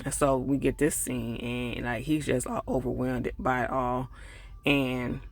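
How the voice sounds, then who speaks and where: A man's voice: mid-range voice, flat delivery, measured pace, vocal fry. A man giving a casual, chatty episode recap and review, full of fillers and asides to viewers, acting out characters' lines and getting heated when annoyed. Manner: acts out characters' lines while retelling scenes.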